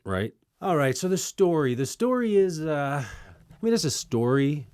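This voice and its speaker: A young man hosting a casual movie review, sarcastic and animated, with quick joking asides. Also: a little high, clean tone, dry recording, clean studio sound.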